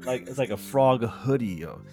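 A young man co-hosting a podcast in a casual, joking chat, slangy and quick to laugh. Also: mid-range voice, expressive, mellow, soft background music. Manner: laid-back, laughs often, slangy. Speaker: podcast co-host.

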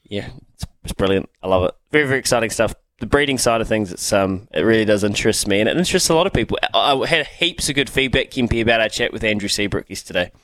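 A man's voice: fairly low pitch, expressive, fast, fairly bright tone, no room sound. A man hosting a morning radio show, upbeat as he runs through the lineup. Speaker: host.

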